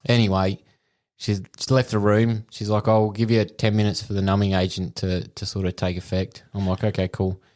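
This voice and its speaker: A man's voice: fairly low pitch, little pitch movement, normal speed, hardly any pauses, a little mellow. An Australian man, a podcast co-host, telling a crude story in casual chat and laughing through it.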